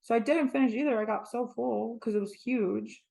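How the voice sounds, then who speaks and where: A woman's voice: a little high, normal speed, creaky, mellow. A young woman co-hosting a podcast, telling stories in casual chat and acting out what people said. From Orlando area. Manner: chatty storytelling, acts out quotes. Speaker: podcast co-host.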